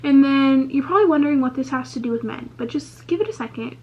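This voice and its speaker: Talking fast with lively intonation, a high-pitched young beauty vlogger runs through a casual get-ready-with-me Q&A. She chats candidly, swears without restraint and fills gaps with "um" and "like", all on a slightly muffled lo-fi recording.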